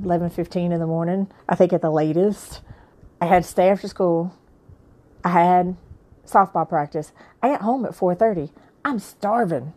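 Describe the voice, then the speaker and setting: A woman's voice: on the low side, warm tone. A woman and author telling her own life story in a frank, plain-spoken, conversational way. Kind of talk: candid personal storytelling.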